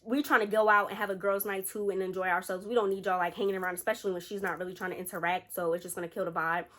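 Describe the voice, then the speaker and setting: A young woman telling a story to her viewers at a quick clip. She is chatty and slangy and talks to the audience as if they were friends. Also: mid-range voice, little pitch movement, a bit bright. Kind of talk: casual storytime.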